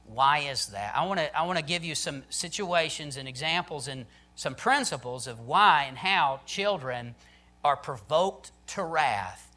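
A man's voice: on the high side, lively intonation, a little slow, bright, forceful tone. A man preaching a sermon on parenting, emphatic, often saying "listen" and "I'm telling you".

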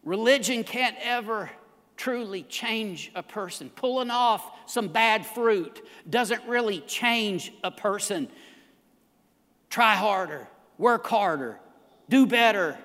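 A man preaching a sermon as pastor, emphatic and building to shouts. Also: high voice, in a large hall.

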